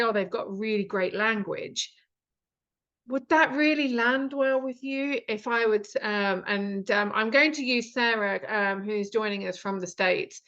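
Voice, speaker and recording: A British woman teaching an online writing class, talking in a chatty way with frequent ums and lively asides. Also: fairly high pitch, lo-fi sound. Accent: British English. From Britain. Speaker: writing course instructor. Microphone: video call.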